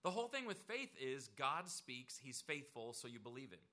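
A man preaching a sermon in a bright, sharp voice. He talks to the congregation conversationally and leans into points with emphatic repetition. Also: medium pitch, sing-song, normal speed. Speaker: pastor.

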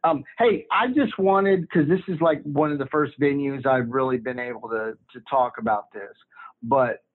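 A man's voice: medium pitch, moderate pace. A man calling in to a live show, talking in a hesitant, rambling way. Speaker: caller. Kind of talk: casual phone-in chat. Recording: tinny phone line.

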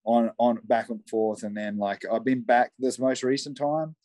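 Calling in as a guest from a backyard shed, a young Australian man from Southeast Queensland chats casually in his Australian accent. He's friendly and rambling, leaning on lots of fillers. His mid-range voice is a little mellow and fairly even in intonation at a normal speed, and the recording is dry.

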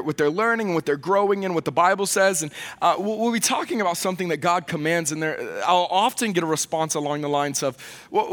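A man's voice: sits high, a bit bright. A man preaching a sermon to a congregation in a casual, joking, self-deprecating way. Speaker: pastor. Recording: long reverb of a large hall.

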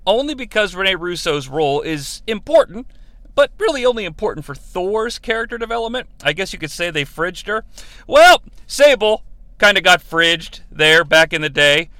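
A man's voice: high-pitched, big pitch swings, moderate pace, pushed and bright, dry recording. A man hosting a podcast, rambling and joking through casual wrestling commentary with plenty of swearing. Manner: rambling, profane and jokey, slipping into bits. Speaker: podcast host.

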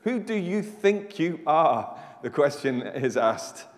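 A man preaching a sermon as pastor, animated and rising to loud emphasis on his questions. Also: fairly high pitch, takes it slowly. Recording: live church recording with long hall reverb.

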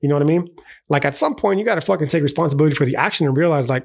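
A man's voice: a little high, racing, creaky, darkish tone, breathy edge. A young man hosting a podcast, ranting in a heated, profane way with lots of slang and repeated "okay" and "dog". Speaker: podcast host. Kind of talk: casual philosophical rant.

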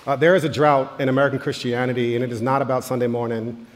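Pastor guy in his 30s preaching, earnest, slows down on verses and pushes up loud on key points, mid-pitched, big church echo. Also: little pitch movement. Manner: earnest, slows down on scripture, rises to emphatic peaks. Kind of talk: sermon. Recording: long reverb of a hall.

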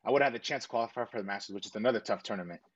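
A young man recounts his past in a relaxed, rambling way, leaning on "um" and "like" and acting out both sides of old conversations. His voice sits on the low side. The recording is a bit dull and muffled. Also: rapid-fire. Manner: earnest, rambling with frequent fillers and self-quotes. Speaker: interviewee. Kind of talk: casual storytelling.

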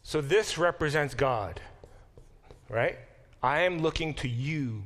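A male professor lectures in a classroom, his somewhat high voice jumping up and dropping back down as he explains. He talks in an animated, self-deprecating way, with restarts and quick asides. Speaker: professor teaching a Bible class.

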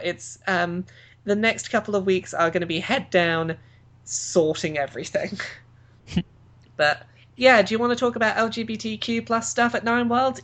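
A chatty woman hosting a relaxed podcast conversation. Her pitch sits in the middle range. She laughs easily and talks freely. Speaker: podcast host and convention track organizer. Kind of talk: casual chat.

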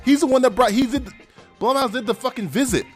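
A man in casual podcast banter, excitable and profane, often laughing. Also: very high voice, fast talker, soft background music.

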